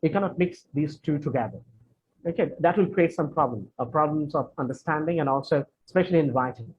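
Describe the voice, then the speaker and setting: A man's voice: fairly high pitch, lively intonation, brisk, husky. A man leading an online question session for students, answering in a friendly, hesitant way with many fillers and restarts. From Bangladesh. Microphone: video call. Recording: dull lo-fi video call with faint noise.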